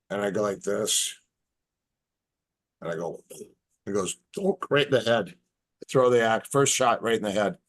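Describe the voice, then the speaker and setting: A man, a martial arts instructor on a podcast as a guest, telling stories in a casual, animated, halting way. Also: fairly low pitch. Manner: animated, halting, repeats words. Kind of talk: casual storytelling.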